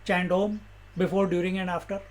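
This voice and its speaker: A man giving a slow, unhurried talk on scripture, asking rhetorical questions and chanting syllables. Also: high-pitched, level tone. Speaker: spiritual teacher. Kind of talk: scripture discourse.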